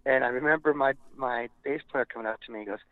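A man's voice: medium pitch, fast, no echo, narrow, tinny audio. A male rock frontman from California telling stories in a casual interview, acting out what others said and swearing freely. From Montebello, California. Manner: animated storyteller, acts out quoted voices, swears casually. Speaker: rock band frontman, guest.

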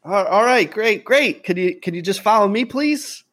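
A man's voice: sits high, expressive, moderate pace, a bit bright, pitched above the performer's own voice. A man voicing a nervous, overeager young male navy clerk of about eighteen who stammers and apologizes in a tabletop game. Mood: eager.

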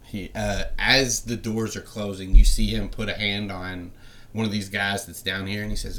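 Deep-voiced man narrating a tabletop game. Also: normal speed. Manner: relaxed, rambling narration with many fillers. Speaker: game master.

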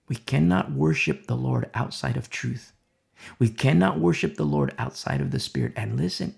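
A man's voice: mid-range voice, creaky. A man preaching a sermon, emphatic and repetitive, often asking "you see?" and sometimes dropping to a near whisper.

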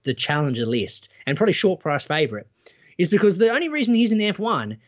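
This podcast co-host talks fast in a high-sitting voice, joking around in casual chat and restarting his sentences again and again. He sounds animated, and the recording has a lo-fi quality.

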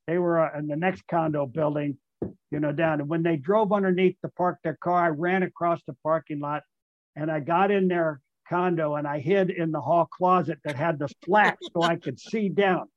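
A man's voice: on the high side, steady tone, normal speed, no echo. An older man, a retired ballplayer guest, telling a rambling, self-amused anecdote full of restarts and fillers over muffled call audio. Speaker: guest, retired baseball player. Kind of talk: storytelling anecdote.

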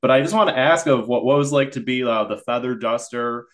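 A man hosting an interview, asking long, earnest and slightly halting questions. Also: medium pitch, a bit bright. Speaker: podcast host.

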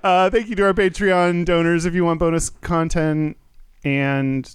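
Giggly man with a fairly high voice. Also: steady tone, a little slow, clean tone, dry recording. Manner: giggly, joking, trails off mid-sentence. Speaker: podcast co-host. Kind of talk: casual chat.

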